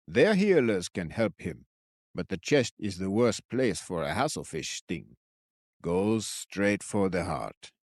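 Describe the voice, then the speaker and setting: A man voicing a quirky old male forest sentry with a cracked, croaking voice, speaking slowly. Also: low voice, sing-song, a little mellow, no room sound, studio quality, pitched below the performer's own voice, full character voice. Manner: slow, quirky, chirpy.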